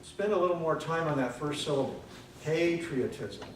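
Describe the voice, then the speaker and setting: A man's voice: on the high side, a little hiss or hum. Man, grammarian at a club meeting, dry humor, careful diction, heard from far off in a roomy hall. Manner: dry joking, corrective, pronounces words slowly. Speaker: grammarian and ah counter. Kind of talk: meeting speech evaluation. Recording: echoey room from far off.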